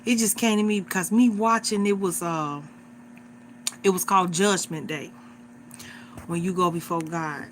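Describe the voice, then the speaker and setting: A woman's voice: on the low side, normal speed, long pauses, slight background noise. Earnest woman in her forties exhorting viewers. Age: 40s. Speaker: livestream host. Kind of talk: casual livestream preaching.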